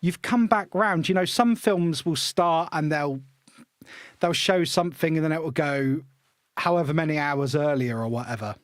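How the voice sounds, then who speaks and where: A man's voice: fairly high pitch, normal speed, dry recording, clean studio sound. A man hosting a film podcast, chatting with enthusiasm and often stumbling over his restarts. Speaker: podcast host. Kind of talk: casual film-review chat.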